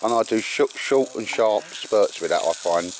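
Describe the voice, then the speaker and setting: A man with a lowish voice talks casually while out in the woods, encouraging those around him and calling them mate and sir. The outdoor recording carries a clear layer of background noise. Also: normal speed. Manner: chatty, encouraging, calls everyone mate and sir. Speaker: bushcraft vlogger and host.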